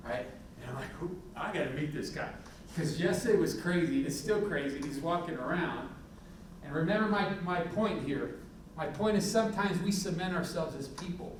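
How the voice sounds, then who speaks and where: A middle-aged man, a police chief, giving a candid, animated talk full of anecdotes in a university event hall. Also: high-pitched, slight background noise. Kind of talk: public talk with war stories. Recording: echoey hall from a distant mic.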